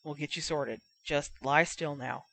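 A woman voicing a calm, kindly older male healer who soothes an injured patient. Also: low-pitched, pitched below the performer's own voice, heavily acted. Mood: soothing. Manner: gentle, soothing, unhurried. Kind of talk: audiobook character voice.

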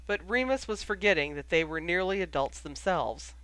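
An audiobook reader narrates a story in an even, measured way. The voice sits mid-pitched. The sound is dry and close. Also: no room sound. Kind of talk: fan fiction audiobook narration.

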